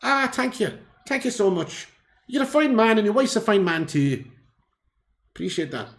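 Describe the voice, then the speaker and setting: Brief: a jolly, gushing Irish gent, high and bright-voiced, with a mock lilt, as a man puts him on. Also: very animated, normal speed, vocal fry, heavily acted.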